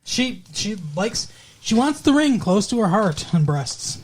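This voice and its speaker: A woman's voice: mid-range voice, sing-song, measured pace, a little mellow, slight background noise. A woman co-hosting a podcast, recapping a TV episode in casual chat, sarcastic and teasing, swearing and laughing often. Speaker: podcast co-host.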